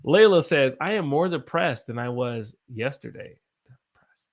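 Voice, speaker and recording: Speaking with an American accent, a man teaches English on a live stream, reading viewer comments aloud and exclaiming over the language's quirks. His mid-range voice is expressive and moves at a moderate pace.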